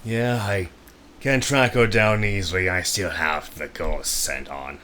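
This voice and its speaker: A man playing his character in a tabletop game, thinking out loud and often stopping to restart his sentences. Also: sits low, steady tone, measured pace, a little hiss or hum. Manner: speculative, hesitant, trailing off and restarting. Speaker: player.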